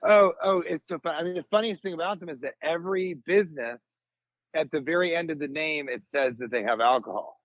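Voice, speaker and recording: Comedian guest, man in his forties, a bit high-pitched, rambling animated storyteller on a dry, dull podcast mic. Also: a little fast, no echo. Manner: rambling, animated storyteller, jumps into high comic voices for quotes. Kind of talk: casual podcast chat.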